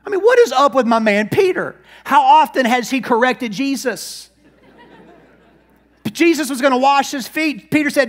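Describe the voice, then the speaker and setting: A male pastor delivers an animated sermon in a high, bright voice. He slips into quick acted-out asides for the figures he talks about. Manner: lively preaching, acts out Bible figures in quick asides.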